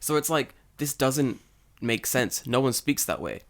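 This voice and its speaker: A man's voice: medium pitch, animated, measured pace. A man co-hosting a casual podcast, an English teacher in Japan telling classroom stories, laughing often and swearing freely. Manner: laughs a lot, swears, acts out voices in anecdotes. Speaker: podcast co-host. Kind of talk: casual chat.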